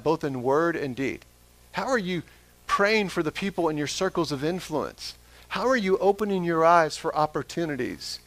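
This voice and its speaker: A man's voice: fairly high pitch, no room sound. A man preaching a sermon as pastor, asking the congregation question after question. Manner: asks the congregation repeated questions.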